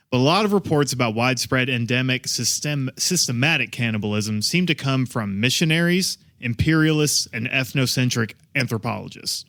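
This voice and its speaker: A man's voice: medium pitch, a bit bright, no room sound, studio quality. A man hosting a podcast, telling a true-crime story in a wry, joking way. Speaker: podcast host.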